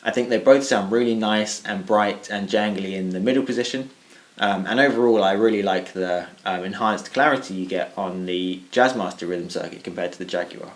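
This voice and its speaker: A man giving a measured spoken summary of a gear comparison, weighing his points thoughtfully and hedging often. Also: lowish voice. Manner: thoughtful and even, hedging with "I think" and "kind of". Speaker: guitarist reviewing his own tone clips.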